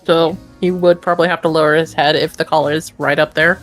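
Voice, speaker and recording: A woman playing a tabletop game, calmly talking through her character's moves. Faint music plays behind her. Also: deep voice, fast talker. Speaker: player.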